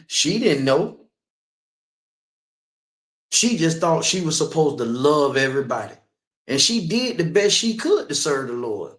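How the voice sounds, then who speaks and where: A man's voice: a little high, echoey room. A man preaching in the street, telling a personal story with emphasis and asking listeners again and again whether they understand.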